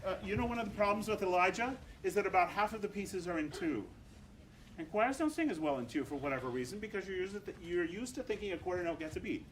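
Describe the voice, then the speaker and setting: A man conducting a choir rehearsal, coaching singers with animated, demonstrative instructions and bursts of sung examples. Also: high voice, fast talker, a little hiss or hum.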